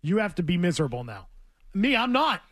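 High-voiced man arguing on sports radio. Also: big pitch swings, fairly quick, fairly bright tone, dry recording, studio quality. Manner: emphatic, argumentative, needling. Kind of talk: sports talk radio banter.

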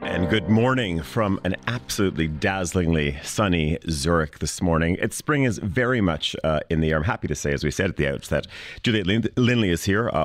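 A man's voice: sits low, no room sound. A man hosting a live radio show, chatting with guests in a playful way and laughing easily. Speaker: radio host.

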